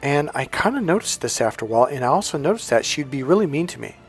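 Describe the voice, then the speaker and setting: A man coaching on self-help, telling a personal story in a casual, animated monologue, often restarting his sentences. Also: medium pitch, fast, soft background music. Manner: animated storytelling, breaks into loud acted-out dialogue; frequent restarts and stumbles.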